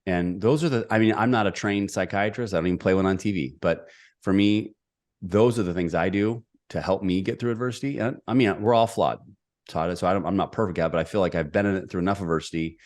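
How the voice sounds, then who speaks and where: A middle-aged man telling a personal story as a podcast guest, energetic and emphatic. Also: low voice, quick pace. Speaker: podcast guest, executive coach.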